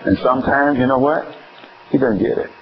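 A man's voice: mid-range voice, fairly even intonation, a little fast, vocal fry, soft background music. A man preaching a sermon as pastor, calling for answers from his congregation and acting out everyday family scenes to make his point. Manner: acts out homespun family scenes. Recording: slightly dull lo-fi church recording.

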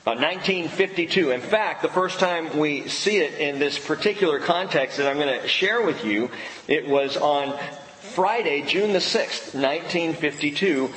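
A man preaching a sermon in a church, emphatic, pausing dramatically on key words. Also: a little high, lively intonation, fairly bright tone. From United States. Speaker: pastor. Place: church sanctuary. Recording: echoey hall with long reverb.

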